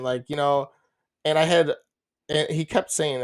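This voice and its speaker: Profane rambling podcast guy, high-ish voice. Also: normal speed. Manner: laughs often while telling stories. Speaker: podcast co-host. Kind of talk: casual chat.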